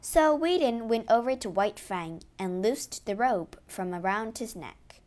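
Brief: woman narrator, storybook reading, slow and steady. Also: on the high side.

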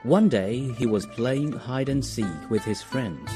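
A man narrating a children's story in an expressive storytelling manner. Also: mid-range voice, takes it slowly. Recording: music behind.

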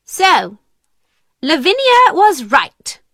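A woman putting on a cold, stern headmistress who gives orders in a clipped, commanding voice. She speaks slowly and firmly, and the sound is dry. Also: extremely high pitch, wildly swooping pitch, a bit bright, no echo, voice pushed up, exaggerated voice.

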